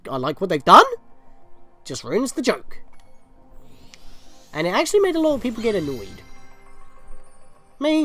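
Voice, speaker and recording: A man's voice: a little high, fairly bright tone. A man giving casual walkthrough commentary on a video game, rambling, laughing and easily exasperated. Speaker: gaming commentator.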